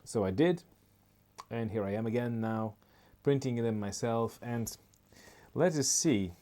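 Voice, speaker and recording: A man's voice: mid-range voice, unhurried, mellow. A man, a comedian, doing a rambling comedy monologue and laughing at his own jokes.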